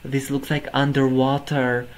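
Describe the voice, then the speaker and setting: A man hosts a music reaction video, gushing over the performance and repeatedly exclaiming "oh my god" in amazement. Oddly, his mid-range voice is completely flat and unhurried, and the audio quality is poor.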